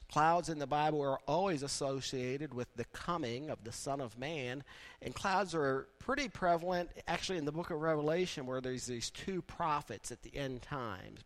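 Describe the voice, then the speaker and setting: A man preaching a sermon in a conversational way, building now and then to loud, emphatic peaks. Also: fairly high pitch. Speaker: pastor.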